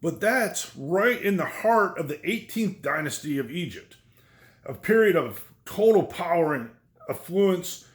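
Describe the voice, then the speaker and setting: A man teaches a lesson on biblical history, his voice sitting a little high for a man. He talks in a loose, conversational way and keeps checking in with his listeners. The room around him is echoey. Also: animated, unhurried. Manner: conversational, checks in with "right?" and "okay?".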